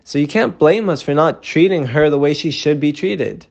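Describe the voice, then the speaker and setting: A man's voice: fairly high pitch, normal speed, vocal fry, darkish tone, muffled recording. A man voicing a humble peasant husband who speaks apologetically to a king.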